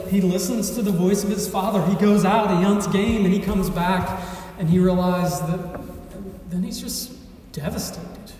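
An earnest man preaches a sermon in a fairly high voice, leaning into his points with dramatic pauses. He sounds set back from the microphone, and his words ring through a large, echoing church sanctuary. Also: darkish tone. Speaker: pastor. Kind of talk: sermon with scripture reading. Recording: echoey hall, voice from far off.

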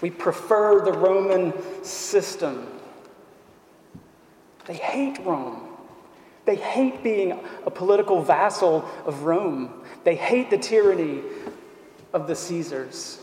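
Preacher with an echo in a large hall. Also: male voice, high voice, animated, takes it slowly, long pauses, a little mellow. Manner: emphatic, repeats phrases and asks rhetorical questions. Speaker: pastor. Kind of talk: sermon. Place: church sanctuary. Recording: echoey hall with long reverb.

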